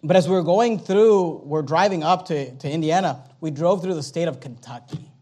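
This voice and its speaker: A man in his thirties, a pastor telling a personal story in a sermon, acting out the people in it with lively quoted lines. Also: on the high side, moderate pace. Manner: animated anecdote with quoted voices.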